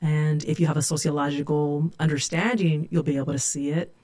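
Speaking quite quickly in a low, mellow voice with fairly even intonation, this middle-aged woman from California shares a personal story. She's a sociology professor, and her telling is reflective and candid.

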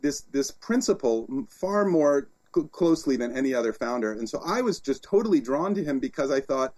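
A man, an author and guest, talking in an interview as an animated storyteller with frequent restarts. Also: mid-range voice, a little fast. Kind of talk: interview conversation.

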